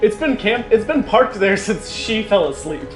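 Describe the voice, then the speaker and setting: A man's voice: high voice, sing-song, normal speed, over music. A man narrating as game master in a tabletop game, casual and laughing, with plenty of fillers.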